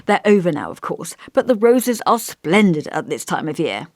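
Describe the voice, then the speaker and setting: A woman reading an audiobook and voicing a kindly, hesitant male village vicar with a gentle, scholarly voice. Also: on the low side, very animated, moderate pace, no room sound, clean studio sound. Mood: genial. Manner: kindly, hesitant, over-polite. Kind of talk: audiobook character voice.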